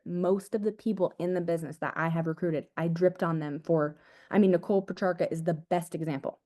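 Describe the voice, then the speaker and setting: A young woman, an agency owner, gives an energetic, casual motivational talk to her team over a video call, repeating her points and calling them "guys". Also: fairly low pitch, fairly quick. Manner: energetic, repetitive, casual slang like "dude" and "guys".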